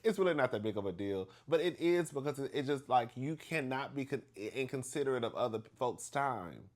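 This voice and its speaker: A man telling a story to the camera in a chatty, animated way, acting out the dialogue with big emphasis and calling the listener "girl". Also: medium pitch, brisk. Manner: acts out dialogue with exaggerated emphasis.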